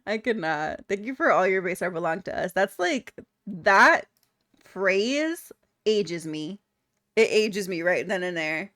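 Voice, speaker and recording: A woman's voice: medium pitch, lively intonation, measured pace, a bit bright, no echo, studio quality. A young adult woman streamer chatting casually with viewers, giggly and playful, swearing freely. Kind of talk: casual chat reading out viewer messages.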